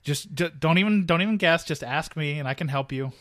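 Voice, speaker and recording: A man's voice: a little high, fairly quick, fairly bright tone, no echo, studio quality. A man co-hosting a casual chat podcast, bantering in a wry, playfully contrary way. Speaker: podcast co-host.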